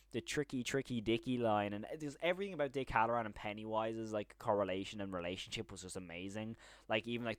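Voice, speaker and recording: A man's voice: medium pitch, dry recording. A man giving a casual, enthusiastic and rambling review of a TV series, now and then acting out lines from the scenes. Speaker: show reviewer.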